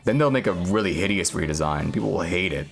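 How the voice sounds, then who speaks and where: A man streaming a game and chatting casually, rambling with lots of filler words and deadpan jokes. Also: deep voice, fast, gravelly, faint music behind. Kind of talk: casual gaming stream chat.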